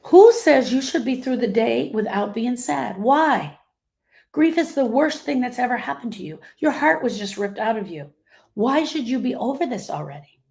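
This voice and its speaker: A woman's voice: fairly high pitch, expressive, normal speed, gravelly, slightly rough. Woman, grief coach, live talk, emphatic, rhetorical questions, answers her audience. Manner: reads out audience comments warmly. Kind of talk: motivational livestream talk.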